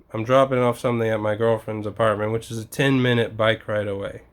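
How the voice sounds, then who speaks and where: A young man talks straight to his viewers in a loose, unscripted vlog. His voice sits at an ordinary middle pitch, and he vents his frustrations with plenty of swearing. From United States. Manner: profane, exasperated storytelling. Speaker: vlogger. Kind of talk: casual ranting vlog.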